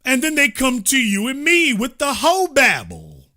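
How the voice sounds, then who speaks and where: A man's voice: extremely high pitch, huge pitch swings, unhurried, sharp tone. A male host ranting through political commentary in a heated, profane, mocking way.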